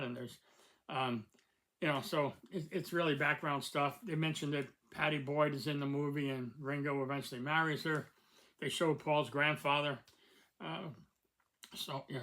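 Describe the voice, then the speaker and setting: A man's voice: fairly high pitch, a bit bright, poor audio. An older man from the United States, hosting a casual review talk and rambling with many fillers and restarts. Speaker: host.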